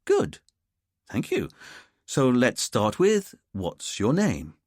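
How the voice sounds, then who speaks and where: A man's voice: medium pitch, huge pitch swings, slow pace, a little mellow, dry recording, studio quality, full character voice. A man voicing a fussy, pedantic male detective inspector in an audiobook, speaking in a teacherly way.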